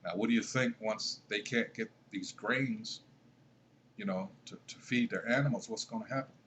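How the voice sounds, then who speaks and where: Low-voiced rambling man commentator. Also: normal speed, fairly bright tone, slight background noise. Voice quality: rambling, trailing off while searching. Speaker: video commentator. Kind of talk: casual commentary.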